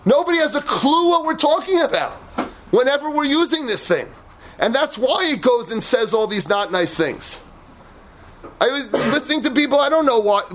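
A man, a rabbi, giving a lively Torah talk with laughing asides and acted-out quotes. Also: very high-pitched, slight background noise.

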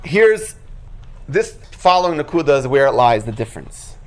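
A religious teacher giving an animated Torah lecture, acting out quotes and sound effects and asking rhetorical questions. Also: medium pitch, normal speed.

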